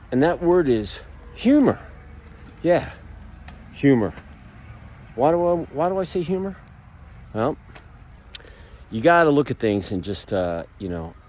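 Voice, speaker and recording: A man's voice: lowish voice, a little mellow, a little hiss or hum. A middle-aged man giving a casual motivational monologue as a marketing vlogger, rambling and upbeat with lots of fillers and restarts.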